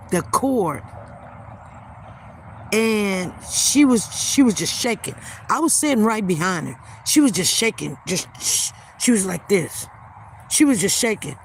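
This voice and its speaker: A woman's voice: mid-range voice, a little hiss or hum. A woman hosting a livestream, telling a story emphatically and speaking straight to her viewers in a casual way. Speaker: livestream host.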